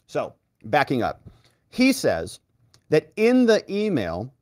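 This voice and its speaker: Brief: male legal commentator, lively sarcastic delivery, voices swing up and down, dry close mic. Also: fairly high pitch, takes it slowly, dry recording. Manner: animated, sarcastic, acts out quotes in voices. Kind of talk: casual commentary retelling court testimony.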